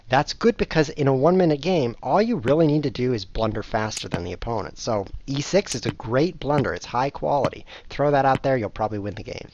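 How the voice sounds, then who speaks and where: A man hosting his show, commentating live on his own online blitz chess games in a jokey, self-mocking way with sudden excited outbursts. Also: mid-range voice, fairly quick, few pauses, highs cut off, a little hiss or hum. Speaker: chess streamer and show host.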